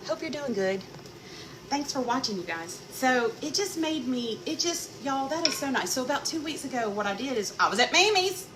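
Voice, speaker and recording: A woman, chatting casually with viewers while she cooks, telling stories and greeting people by name. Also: high-pitched. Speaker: cooking vlogger. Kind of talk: casual live-stream chat while cooking. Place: home kitchen. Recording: noisy background.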